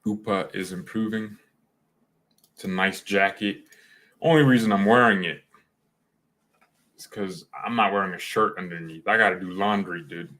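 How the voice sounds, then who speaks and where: Rambling, excitable young man. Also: low-pitched, normal speed, long pauses. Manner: rambling and excitable, full of slang, frequent restarts. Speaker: streamer. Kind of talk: casual live-stream chat.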